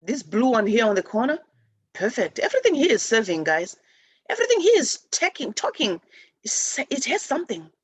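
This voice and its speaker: A woman's voice: fairly high pitch, big pitch swings, normal speed, breathy edge, no echo. A woman from Zimbabwe hosting a spiritual talk show, speaking earnestly and rambling with many restarts. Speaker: host.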